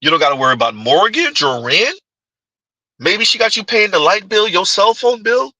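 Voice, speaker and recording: A man's voice: sits high, sing-song, normal speed, pushed and bright, no room sound, low-quality recording. A man hosting a reaction commentary, talking rhetorically and often asking his audience "huh?". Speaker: commentary channel host.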